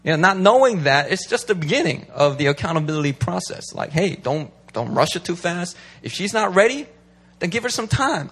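A man's voice: sits high, brisk, breathy edge. A man who is a pastor, talking casually and animatedly, acting out what people say. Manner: animated, acts out quotes. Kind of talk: casual talk.

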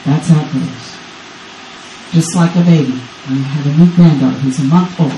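A woman's voice: deep voice, steady tone, moderate pace, mellow, far from the mic, a little hiss or hum. A woman in her fifties from Texas, a grandmother, preaching a sermon as guest speaker with urgent, repetitive call-and-response. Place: church service. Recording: roomy church sound from off-mic.

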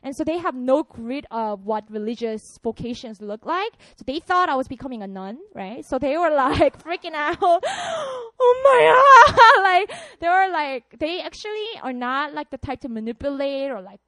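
A young woman from South Korea, giving an animated personal testimony and laughing often. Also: high voice, normal speed, few pauses, no echo.

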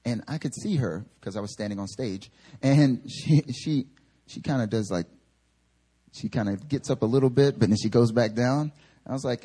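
Male pastor, husky tone, chatty sermon storytelling, lots of acted-out quotes. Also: medium pitch, normal speed. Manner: animated storyteller acting out quotes; casual filler-heavy delivery. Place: church service.

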